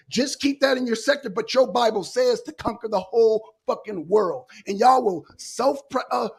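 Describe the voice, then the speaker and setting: A man's voice: very high-pitched, vocal fry, slightly rough. Angry, swearing man hosting a debate. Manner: profane, angry, talks over others. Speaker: show host. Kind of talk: heated panel debate.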